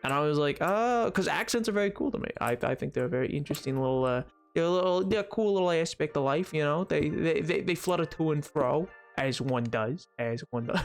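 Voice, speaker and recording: A man's voice: on the high side, animated, a little fast, hardly any pauses, faint music behind. Rambling, joking man streaming. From United States. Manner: rambling, playful, self-mocking jokes. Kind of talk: casual livestream chat while gaming.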